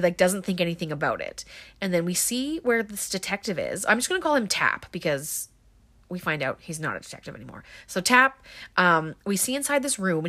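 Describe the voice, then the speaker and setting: A woman with a slightly low voice talks through a film's plot in a loose, casual recap. She keeps it chatty and conversational, peppering her retelling with likes and ums. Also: fairly bright tone. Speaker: film recap host.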